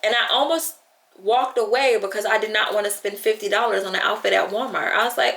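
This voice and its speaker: A woman's voice: fairly high pitch, brisk, gravelly, fairly bright tone. Tearful, heartfelt woman vlogging in an echoey room. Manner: tearful and heartfelt, close to crying; chatty, lots of "like" and quoting herself. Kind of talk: emotional talk to camera.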